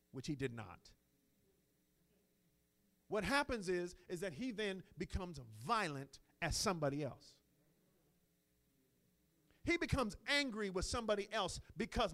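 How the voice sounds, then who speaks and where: A middle-aged man preaching a sermon in a conversational way, moving between quiet asides and loud, emphatic lines. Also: high voice. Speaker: pastor.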